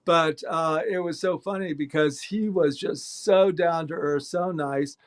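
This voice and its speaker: A middle-aged man, a bookstore owner telling lively anecdotes in a casual interview. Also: fairly high pitch, a little slow. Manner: animated anecdotes, acts out quoted voices.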